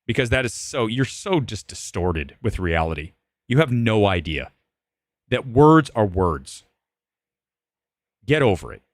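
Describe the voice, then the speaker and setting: A man's voice: fairly low pitch, big pitch swings, a little slow, long pauses, no room sound, clean studio sound. A man in his forties hosting a live movie stream, ranting in a combative, sarcastic way and swearing freely. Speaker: livestream host. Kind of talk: profane live-stream rant.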